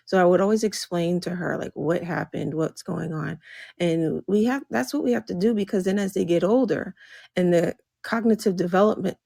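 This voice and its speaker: A woman's voice: lowish voice, creaky, no room sound. A woman talking as a podcast guest, telling stories and acting out what people said. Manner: animated storyteller, acts out quoted speech. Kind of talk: casual podcast conversation.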